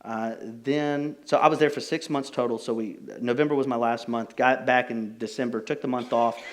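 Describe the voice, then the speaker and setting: A man's voice: medium pitch, normal speed. A young adult man preaching a casual, conversational sermon as pastor, telling stories with plenty of filler words. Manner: animated storytelling, many fillers like "like".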